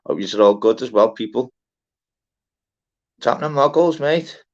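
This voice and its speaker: A young Scouse man from Liverpool, England, hosts a casual livestream panel, chatty and sweary, greeting viewers by name. His mid-range voice moves at a moderate pace, carried on dull lo-fi stream audio.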